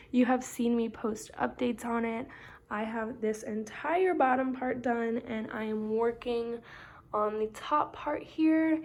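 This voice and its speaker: A young art student with a darkish voice on the high side chats casually in a vlog about her week. Her storytelling is chatty, with frequent "like" fillers and other filler words.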